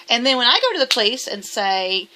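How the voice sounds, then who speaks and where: A woman's voice: fairly high pitch, pushed and bright. A woman talking casually to camera in a vlog, emphatic and defensive, rambling with restarts. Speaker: vlogger.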